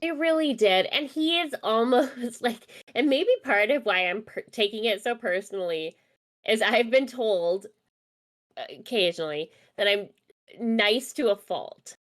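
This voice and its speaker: A woman's voice: fairly high pitch, measured pace. A woman from Minnesota co-hosting a podcast, chatting about sports in a fired-up, chatty way and swearing freely. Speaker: podcast co-host. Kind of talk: casual sports chat.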